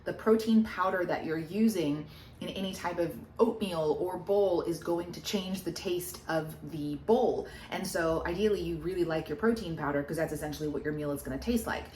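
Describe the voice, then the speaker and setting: A woman's voice: on the low side, moderate pace, darkish tone, slight background noise. A woman fitness coach chatting casually through a recipe and a meal-logging demo, upbeat and gushing. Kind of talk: casual recipe vlog chat.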